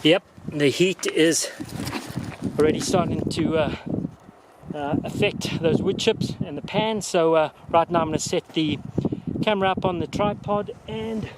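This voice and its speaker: A man's voice: a little high, unhurried, heavy background noise. A man vlogging outdoors on a mountainside, casually reviewing gear in a folksy, joking, chatty way.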